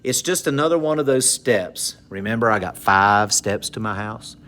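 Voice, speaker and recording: A man's voice: fairly low pitch, lively intonation, normal speed, a bit bright. A man teaching a recorded civics lesson in a conversational, joking way, repeating key terms so students can take notes. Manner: conversational, jokey, repeats points for note-taking.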